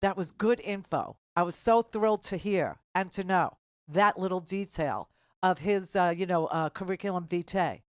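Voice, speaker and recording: A woman's voice: on the low side, moderate pace, dry recording, clean studio sound. Sarcastic, rambling older woman radio host. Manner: rambling storyteller, sarcastic, many restarts. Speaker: radio talk show host. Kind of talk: political talk radio monologue.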